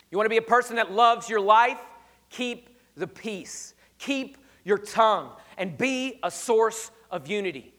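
A pastor preaching a sermon, emphatic and conversational with rhetorical questions, slightly hoarse. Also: male voice, high-pitched, expressive, measured pace, fairly bright tone.

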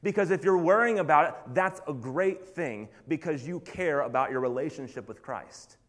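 A man's voice: on the high side, expressive, normal speed. A man preaching a sermon in an earnest, confessional way, often stumbling over restarts.

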